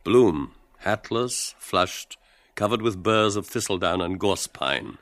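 A man's voice: low voice, expressive, slow pace, a bit bright, no room sound. A man giving scripted narration of the stage directions in a radio drama.

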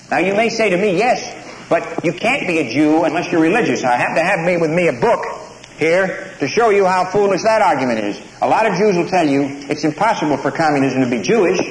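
A man giving a declamatory public speech to a live audience in a lecture hall, then taking questions, building his points up to punchy lines. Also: a little high. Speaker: invited speaker at a campus lecture. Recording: roomy hall recording with faint hiss.

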